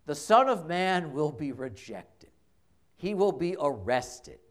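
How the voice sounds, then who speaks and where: A man's voice: fairly high pitch, sing-song, takes it slowly. A man preaching a homily in a church, telling the story conversationally and dramatically, with emphatic repetition. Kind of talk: sermon. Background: congregation.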